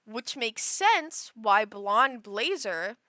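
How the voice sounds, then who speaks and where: A woman's voice: on the high side, very animated, very slow, bright, forceful tone, dry recording. A young woman livestreaming, chatting casually in a rambling way, full of fillers and restarts. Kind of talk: casual chat.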